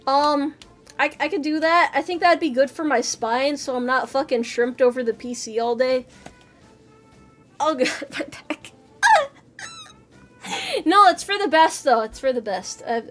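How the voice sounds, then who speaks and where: A woman streaming from her home PC, chatting casually with her chat. She swears a lot and mutters to herself as she assembles a model. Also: high-pitched. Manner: swears often, chatty and playful; muttering and exclaiming while building a model. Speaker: VTuber streamer. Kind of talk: casual livestream chat answering chat.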